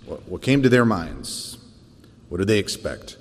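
Deep-voiced man teaching Sunday school. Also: sing-song, measured pace, big-room sound. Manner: thoughtful, with frequent fillers and restarts. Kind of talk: church Bible lesson.

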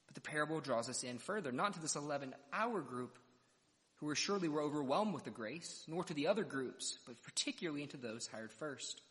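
A man's voice: a little high, expressive, brisk, a bit bright. A man preaching an expository sermon verse by verse and retelling a parable dramatically. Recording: long reverb of a large hall.

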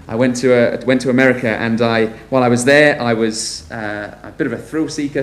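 A man preaching a sermon earnestly, moving between brisk storytelling and slow, weighty appeals. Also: medium pitch, darkish tone, slight background noise. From Britain. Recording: echoey room.

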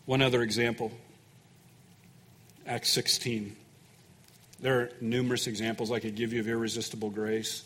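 A man preaching a sermon as pastor, folksy and conversational, growing louder and more emphatic when he reads scripture. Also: medium pitch, level tone, moderate pace, pauses often, slightly rough, in a large hall. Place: church sanctuary.

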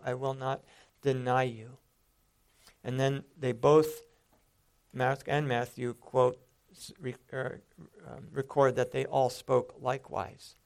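A man's voice: on the high side, creaky. A man preaching a sermon in an earnest, conversational way, often restarting his sentences.

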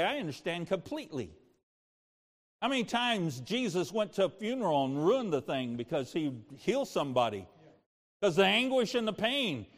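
An older man preaching a sermon as pastor, moving between impassioned preaching and soft, personal storytelling. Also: high voice, in a large hall.

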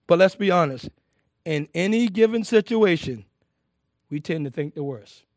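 High-voiced man preaching a sermon. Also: moderate pace, dry recording, clean studio sound. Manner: lively preaching, stresses words, laughs often, repeats phrases.

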